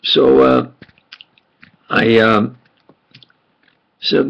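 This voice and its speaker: A man's voice: on the low side, slow pace, vocal fry, pauses often, breathy edge, lo-fi sound. An elderly man with a New York accent, Italian his first language, rambling through memories in a meandering personal monologue. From New York, USA. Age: older. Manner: meandering, repeats himself, chuckles while reminiscing.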